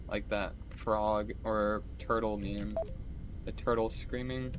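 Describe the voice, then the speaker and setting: A man's voice: mid-range voice, fairly even intonation, a little slow, slight background noise. A young man chatting casually during a game stream, rambling, swearing and laughing often. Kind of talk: casual gaming stream chat.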